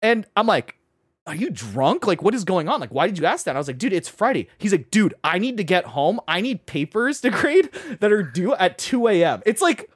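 A man telling a long story in casual chat, animated, acting out his friends' voices and filling his talk with "like" and "right?". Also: high voice, husky, no room sound, clean studio sound. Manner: fast, full of "like" and "right?".

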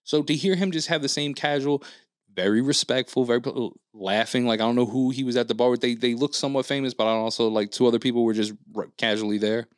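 This man, co-hosting a podcast, talks fast with a medium-pitched voice as he tells a lengthy story in relaxed chat. He's an animated storyteller who performs quotes, curses freely, and leans on fillers. The sound is clean studio audio with no room sound.

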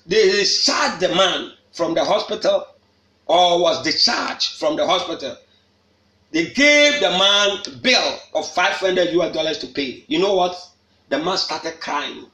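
A man preaches in a very high, lively voice that swings up into shouts and repeats each phrase. He speaks slowly and deliberately, and the sound is bright and carries an echo from the room. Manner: shouting, emphatic repetition. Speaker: apostle leading a prayer meeting. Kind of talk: fiery preaching. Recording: echoey room.

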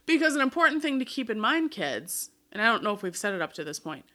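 Woman co-host, higher voice, bright tone, animated storytelling, casual chat. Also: fast. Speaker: podcast co-host. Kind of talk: casual chat recapping a musical.

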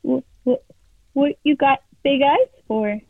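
A woman's voice: sits high, slow pace, breathy edge, dry recording, pitched above the performer's own voice, full character voice. A woman voicing a frightened young boy who stammers. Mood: terrified. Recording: tinny phone-like sound.

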